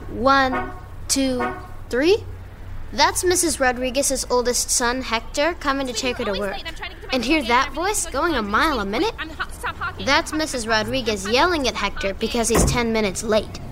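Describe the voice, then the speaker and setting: A woman's voice: high voice, a little slow, noisy background. A woman voicing a curious young girl private eye in an audio drama, talking to her cat. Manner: inquisitive, talks to her cat.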